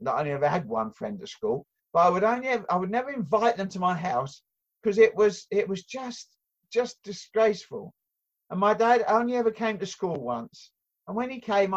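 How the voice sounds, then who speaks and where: An older man preaching a sermon in an earnest, halting way, with many restarts and rhetorical questions. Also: high-pitched, lo-fi sound.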